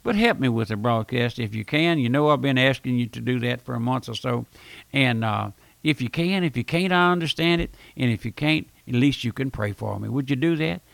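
Gravelly older man preaching a radio sermon. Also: mid-range voice, expressive, a little fast, a bit bright, dry recording. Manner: pleading, urgent preaching. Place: radio broadcast recording.

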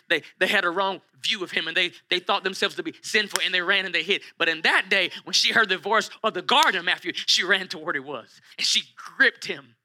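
A male pastor preaching a sermon in an animated way, repeating lines for emphasis. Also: sits high.

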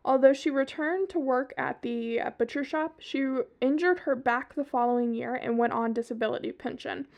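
High-voiced Southern woman telling crime stories. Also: normal speed, gravelly, few pauses, darkish tone. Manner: profane, chatty asides. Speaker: podcast host. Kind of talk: casual true-crime storytelling.

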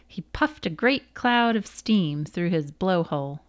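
A woman narrating a folk tale as a storybook read-aloud, with a lively, expressive delivery. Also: lowish voice, a little slow.

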